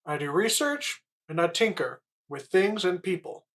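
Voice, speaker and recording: Creepy male mad scientist , put on by a tabletop player, slow sinister drawl, lively pitch swings. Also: exaggerated voice.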